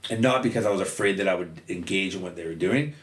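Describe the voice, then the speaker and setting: A man with a very low voice talks quickly and candidly, dropping swear words freely in a casual chat. He sits a little back from the mic, so the sound is roomy. A faint noise runs underneath. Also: far from the mic. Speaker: podcast guest. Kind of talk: casual conversation.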